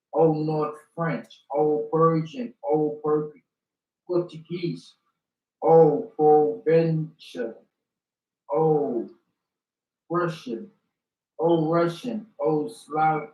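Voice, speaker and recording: Guy slowly reading off a word list, kinda flat, echoey room, away from the mic. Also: a little high, lo-fi sound. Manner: slow, deliberate list reading. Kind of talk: reading out a list of dictionary abbreviations. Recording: roomy sound from a distance.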